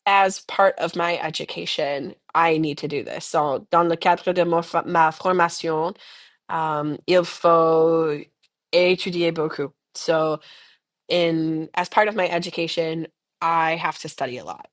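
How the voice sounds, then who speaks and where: A young woman teaching a French lesson, explaining patiently in English and modeling phrases slowly and clearly for students to repeat. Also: low-pitched, fairly even intonation. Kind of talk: recorded language lesson, repeat-after-me drills.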